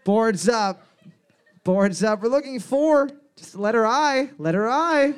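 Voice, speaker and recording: A man's voice: very high-pitched, animated, unhurried, clear, resonant tone. A man hosting a trivia game, joking crudely and reading each question twice. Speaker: trivia host. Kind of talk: casual comedic trivia banter.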